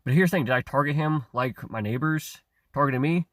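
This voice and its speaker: A man's voice: mid-range voice, brisk, no room sound, clean studio sound. A man delivering a rambling, profane rant, stammering and repeating himself, with chuckles between phrases. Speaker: online commentator. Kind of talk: ranting monologue.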